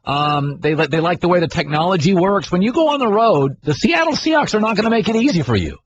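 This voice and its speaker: A brash middle-aged man holds forth on sports talk radio, arguing his points and firing questions at the audience. His voice sits a little high. The audio sounds dull and carries a faint hiss. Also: big pitch swings, fast talker. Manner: brash, argumentative, mimics people in loud voices.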